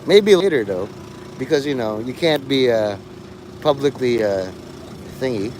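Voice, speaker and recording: A man's voice: mid-range voice, lively intonation, measured pace, noisy background. A man livestreaming to his chat, rambling and teasing people in crude, mocking talk.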